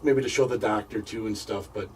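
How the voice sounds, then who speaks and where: A man, a paranormal investigator, telling a personal story as a radio interview guest, halting and repeating words as he goes. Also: fairly low pitch, steady tone, darkish tone, far from the mic, a little hiss or hum, rough recording.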